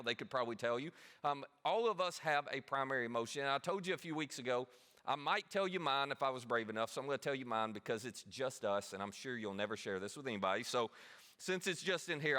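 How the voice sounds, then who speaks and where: A man's voice: mid-range voice, bright, forceful tone. A man preaching a conversational sermon as pastor, asking his listeners questions and poking fun at himself. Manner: conversational and self-deprecating, with rhetorical questions.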